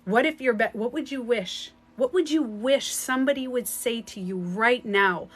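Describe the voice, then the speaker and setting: A woman's voice: fairly high pitch, normal speed. A woman speaking as a spiritual coach in a casual motivational talk. She is emphatic and blunt, swears casually and often repeats herself.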